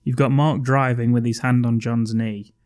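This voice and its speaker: A man of ordinary pitch co-hosts a podcast, walking through a film's scenes in a casual, amused way. He laughs often as he retells moments. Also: flat delivery, normal speed, a little mellow. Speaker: podcast co-host. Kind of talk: casual chat recapping a film.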